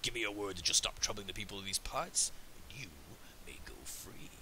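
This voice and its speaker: A man voicing a gruff, menacing male orc warlord in a low, half-whispered voice. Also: a little fast, bright, forceful tone, slight background noise, rough recording.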